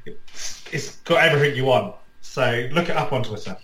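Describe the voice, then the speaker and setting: A man co-hosting a football podcast and trading dry asides with the others. His voice rings in a noticeably echoey room. He speaks plainly, in a medium pitch. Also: expressive, moderate pace, a bit bright. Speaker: podcast co-host. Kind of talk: casual football podcast chat.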